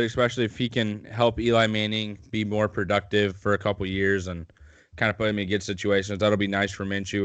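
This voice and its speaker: A man's voice: lowish voice, no room sound. A man co-hosting a casual sports podcast, joking and laughing often as he talks. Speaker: podcast co-host.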